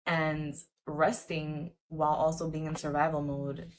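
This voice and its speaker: A woman's voice: sits low, flat delivery, unhurried. A young woman vlogging to camera in a casual, earnest, encouraging way, full of "like" fillers and repeated words. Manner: chatty, repetitive, lots of "like" fillers. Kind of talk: casual motivational talk to camera.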